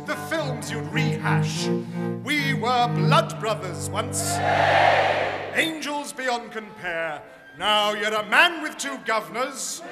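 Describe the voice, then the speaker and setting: A man's voice: very high voice, full character voice. A man playing a stern scolding ghost. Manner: slow, declaiming, scolding. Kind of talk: live comic verse performance. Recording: distant voice in a reverberant church, loud music and crowd.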